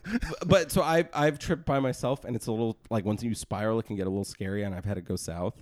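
A man's voice: fairly low pitch, quick pace, darkish tone, dry recording, studio quality. A man hosting a podcast in casual chat, rambling with many fillers and trailing off. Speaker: podcast host.

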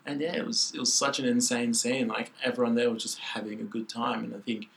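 Bright-voiced young man, rambling. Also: mid-range voice, flat delivery, a little fast, vocal fry. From Australia. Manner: laid-back, rambling, lots of "like". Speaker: guest athlete. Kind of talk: casual chat.

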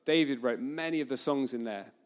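A man's voice: mid-range voice, brisk, smooth. A man preaching a conversational sermon, acting out quoted voices. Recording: long hall reverb.

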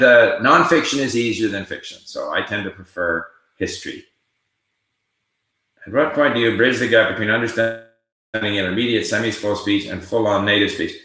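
A man's voice: fairly low pitch, pushed and bright. A man hosting a casual livestream, reading viewer questions aloud and answering them in a conversational way. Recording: very echoey room.

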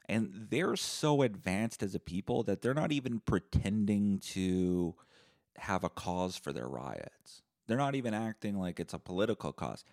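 A young man from Canada hosting a podcast, delivering a sarcastic, profane solo rant. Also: low-pitched. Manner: sarcastic, profane, animated ranting. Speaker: podcast host.

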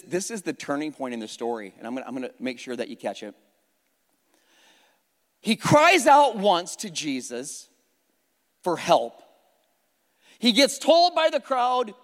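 A man preaching a sermon in a church, conversational and animated, repeating phrases for emphasis and joking at his own expense. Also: high voice, a little slow, pauses often. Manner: conversational with self-deprecating humor. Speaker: pastor. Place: church hall. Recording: long hall reverb.

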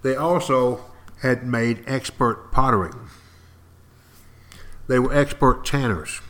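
An older man gives a history lesson in a warm, mid-pitched voice. He leans on key words and says them again for emphasis. He keeps putting questions to his listeners. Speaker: history teacher. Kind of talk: lively classroom-style history talk to podcast listeners.

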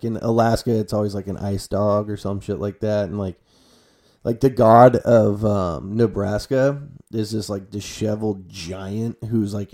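A young man with a lowish, mellow voice talks casually to his viewers. He rambles in a loose, profane way, drops to a mutter at the ends of phrases, and jumps up loud and high when he acts out his own panicked reactions. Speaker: vlogger.

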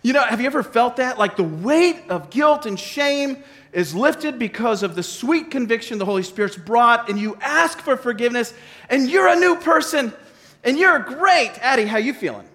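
A man's voice: extremely high pitch, lively intonation, moderate pace, bright, forceful tone. A man in his forties, a pastor giving a joking, conversational sermon to his congregation on a worn mic. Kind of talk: sermon with a live demonstration. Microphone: wearing a mic. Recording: long reverb of a large hall.

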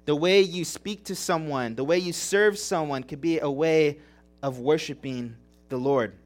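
A man's voice: fairly high pitch, measured pace. A young man preaching a sermon as pastor, earnest and emotional, repeating phrases and asking rhetorical questions. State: tearing up.

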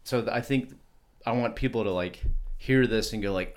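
A man with a fairly low voice talks through ideas on a relaxed podcast about art. He wanders, backtracks and restarts his sentences while thinking out loud. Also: normal speed. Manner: rambling, self-interrupting, with many restarts. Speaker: podcast co-host. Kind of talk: casual chat.

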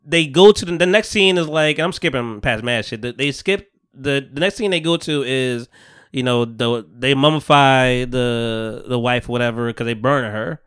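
This podcast host has a smooth, mid-range voice and talks at a normal speed. He casually recaps a TV episode, acting out characters' lines with animation and laughing often.

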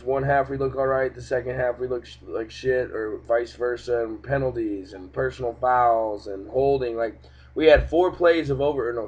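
A young man hosting a casual sports podcast, talking in a profane, ranting way about games and referees. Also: mid-range voice. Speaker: podcast host. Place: home room, cat nearby. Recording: dull lo-fi home podcast recording.

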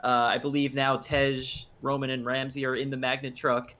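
A man's voice: mid-range voice, flat delivery, moderate pace, a bit bright. A man co-hosting a movie podcast, recapping scenes eagerly with frequent restarts. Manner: enthusiastic, stumbling restarts. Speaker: podcast co-host. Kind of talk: casual movie recap chat.

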